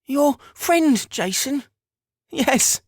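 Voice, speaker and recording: A woman's voice: high-pitched, animated, very slow, no echo, studio quality, voice pushed up, full character voice. A man voicing a frail, tender older mother who has just been healed, speaking with breathless wonder in a storybook reading. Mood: astonished.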